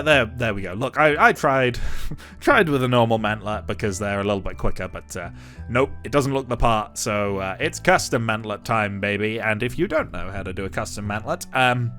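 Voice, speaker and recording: A man talking casually over his gameplay, his voice rising and falling in a lively, animated way. He rambles, chuckles often and pokes fun at himself. Soft guitar music plays faintly behind him. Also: mid-range voice. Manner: chuckling, rambling, self-deprecating. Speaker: YouTube game builder.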